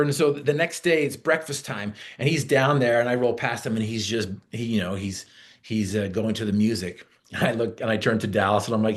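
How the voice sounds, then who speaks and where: A middle-aged man from Utah giving an energetic motivational talk, telling a story and driving home repeated phrases. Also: on the low side, a little fast. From Utah, USA. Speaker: motivational speaker.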